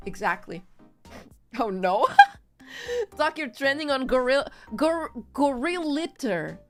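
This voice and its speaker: A woman's voice: sits high, very animated, slow, long pauses, a bit bright, soft background music. A woman streamer chatting casually on a live stream, rambling in a giggly, playful way. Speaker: VTuber streamer.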